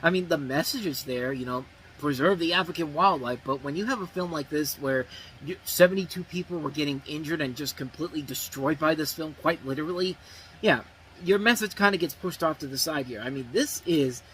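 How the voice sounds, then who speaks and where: A man's voice: fairly high pitch, brisk, fairly bright tone, a little hiss or hum, low-quality recording. A man hosting a movie review show, talking casually and rambling, with frequent restarts and self-corrections.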